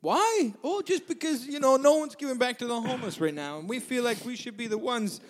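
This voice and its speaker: A man's voice: very high-pitched, animated, brisk. A man doing a comedic impression of a brash, boastful male reality-TV contestant, rambling and joking with stammered restarts. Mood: mischievous. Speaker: podcast co-host in character.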